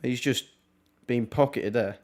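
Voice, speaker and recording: A young man, casually commentating on a football match live for his stream, with wry asides and quick reactions. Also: medium pitch, darkish tone. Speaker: watchalong streamer.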